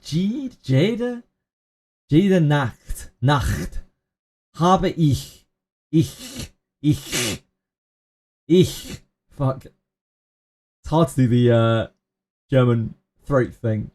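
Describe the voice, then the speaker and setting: Slow, mellow-voiced middle-aged male streamer. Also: mid-range voice, animated. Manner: joking, crude, mumbling phrases over and over. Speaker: game streamer. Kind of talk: casual live-stream commentary.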